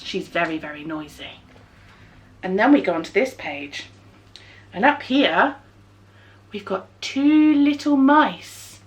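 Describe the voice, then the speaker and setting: A woman's voice: on the high side, fairly bright tone. An English woman leading a children's storytime, reading a picture book aloud and coaxing little ones to make animal sounds. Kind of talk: reading a touch-and-feel book to young children.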